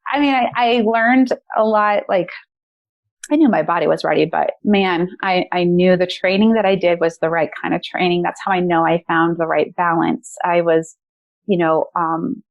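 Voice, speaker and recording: A woman's voice: on the low side, normal speed, vocal fry, no room sound, lo-fi sound. A woman guest on a podcast, telling a personal story in casual chat, laughing often and acting out what people said. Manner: animated, laughs often, acts out quotes.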